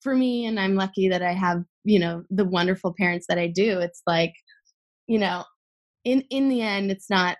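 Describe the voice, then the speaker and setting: A woman's voice: medium pitch, normal speed. A young adult woman athlete, a podcast guest, talking casually with lots of fillers and a gushing, open manner. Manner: chatty, gushing, many fillers.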